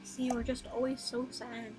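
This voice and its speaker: A young woman streaming while she draws, rambling softly and casually, swearing now and then and talking to her drawn characters. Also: flat delivery, moderate pace, noisy background. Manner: soft, low-key, mumbling, with casual swearing.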